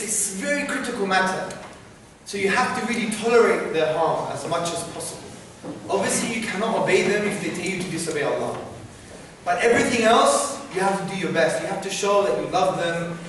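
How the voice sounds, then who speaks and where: A man answering student questions in a university lecture hall, animated and often checking in with "yeah?". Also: sits high, brisk. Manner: animated, repeats "yeah?" to the audience. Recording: very echoey hall, noisy, from far off.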